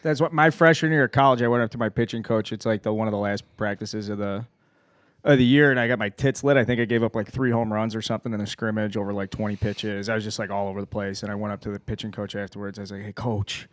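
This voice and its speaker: A man hosting a casual sports podcast and telling animated, profane anecdotes. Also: lowish voice, quick pace, dry recording. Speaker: podcast host.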